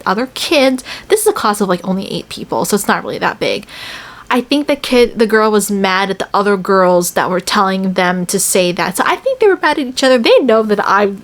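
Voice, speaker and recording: Chatty young American woman vlogging. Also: medium pitch. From United States. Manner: chatty, many "like" fillers, animated storytelling. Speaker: English teacher in Korea. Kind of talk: casual vlog chat.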